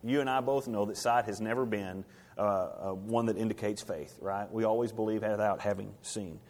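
A man preaching a sermon, swinging from hushed to loud, rising passages and asking the congregation rhetorical questions. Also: on the low side, moderate pace. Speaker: pastor. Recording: reverberant hall.

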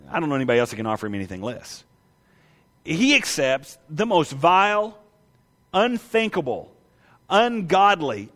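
A man's voice: high-pitched, long reverb tail. A man preaching a sermon, pressing his point with rhetorical questions and reading scripture aloud. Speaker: pastor.

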